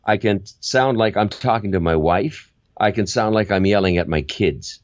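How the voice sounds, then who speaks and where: An older man and voiceover veteran, chatting in an interview and acting out quick examples as he explains. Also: lowish voice, dull audio. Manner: animated storyteller, acts out examples. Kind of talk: casual interview chat.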